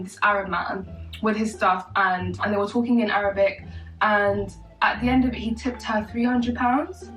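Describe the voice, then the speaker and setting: A woman in her twenties telling a casual story while getting ready, chatty and sassy with self-mocking asides. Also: mid-range voice. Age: 20s. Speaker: vlogger. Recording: echoey room, mic far off, faint music behind.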